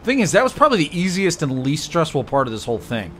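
Excitable man yelping through a game. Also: a little high, fast, a little hiss or hum. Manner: excitable, yelps and swears at in-game mishaps. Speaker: gameplay commentator. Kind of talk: casual let's-play banter.

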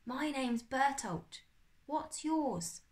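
A woman reading aloud and voicing a gentle, polite young boy in a children's story, soft and wondering. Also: high-pitched, lively intonation, drawn-out words, echoey room, voice pushed up, exaggerated voice.

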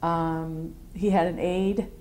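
Recorded with slight background noise, a middle-aged veteran with a lowish voice talks slowly about her military service for an oral history. She wanders between animated anecdotes and acts out the words of the people in them.

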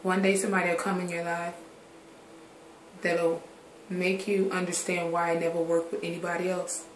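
Grown woman, low-ish voice, candid vlogger, rambling and blunt, echoey room. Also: completely flat delivery, normal speed, a little hiss or hum. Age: adult. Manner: rambling, drifts from subject to subject; frank, swears casually. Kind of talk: candid personal vlog talk. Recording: roomy echoey recording.

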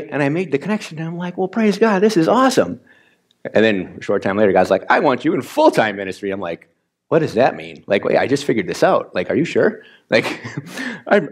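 A man, a pastor from Wisconsin, preaching a chatty, animated sermon in which he acts out his own reactions. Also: mid-range voice. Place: church sanctuary.

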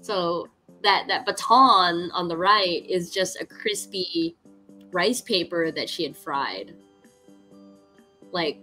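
A woman's voice: on the low side, expressive, slow, bright, forceful tone, soft background music, low-quality recording. A woman hosting a cooking livestream, chatting casually and upbeat with her viewers, laughing often and using lots of "like". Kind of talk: casual chat to stream viewers.

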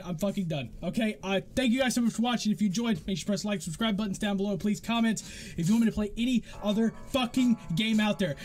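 A man doing casual gameplay commentary as a YouTuber, frustrated, swearing a lot and talking to his game character. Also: high voice. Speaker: gaming YouTuber.

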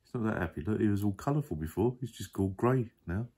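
A man's voice: fairly low pitch, expressive, quick pace, slight background noise. An older man chatting playfully about a picture book as it is read aloud, making puns and pointing things out. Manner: chatty, playful, punning remarks. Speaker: great-uncle reading aloud. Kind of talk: casual picture-book commentary.

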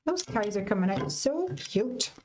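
A woman's voice: mid-range voice, animated, a little slow, noisy background. A woman co-hosting a live crafting stream, chatting casually and joking as she works. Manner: chatty, jokey, laughs often.

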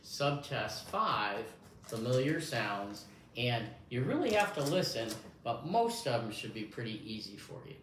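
A man walks a listener through a hearing test in an encouraging way, as if talking to a young child, and his pitch rises and falls a lot as he talks. He was recorded in an echoey room with a faint hiss behind him. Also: very animated, measured pace, a bit bright. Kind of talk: demonstrating a test to an examinee.

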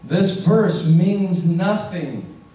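A man's voice: sits high, expressive, drawn-out words, dark tone. A male pastor preaching a sermon, earnest and questioning his listeners directly, leaning hard on key words. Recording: echoey room, voice from far off.

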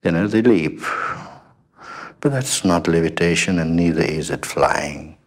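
Male spiritual teacher, very deep and slow, deliberate talk. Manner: slow, deliberate, with "hmm?" tags.

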